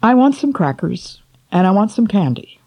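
A woman's voice: medium pitch, sing-song, normal speed, darkish tone, voice pushed up. A woman voicing a lonely, selfish old king who lists his wishes in a wistful, childlike way, in a storybook reading. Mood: pleading. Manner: childlike, wishful listing of wants.

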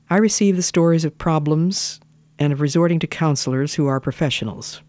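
A woman giving a slow, deliberate radio devotional talk as a Bible teacher, stressing words and sometimes dropping to a near whisper. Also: rumbling low, a little mellow, no echo.

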